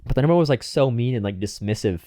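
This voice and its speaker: Young man, podcast co-host, rapid-fire rambling anecdote, low voice, dry room. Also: expressive, dark tone, no echo. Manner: rambling, filler-heavy anecdote with acted quotes. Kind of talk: casual storytelling chat.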